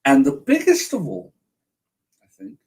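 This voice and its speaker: A speaker, chatting casually and wandering through an anecdote with frequent self-corrections. Their pitch swings dramatically up and down, and they sound set back from the microphone. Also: wildly swooping pitch, measured pace, a little mellow, recorded from a distance, rough recording. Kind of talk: casual chat. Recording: voice from away from the mic.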